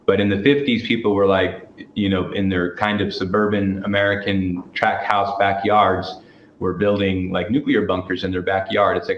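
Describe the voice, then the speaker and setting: A man's voice: low-pitched, level tone, normal speed. A man guesting on a casual political talk show, arguing his points emphatically and swearing now and then. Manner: emphatic, argumentative, profane. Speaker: guest commentator. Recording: echoey, dull, lo-fi, faint background noise.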